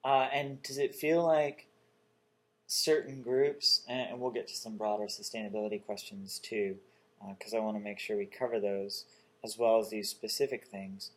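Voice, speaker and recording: A man hosting an interview, relaxed and chatty, with joking asides. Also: lowish voice, normal speed. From North Carolina. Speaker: interview host.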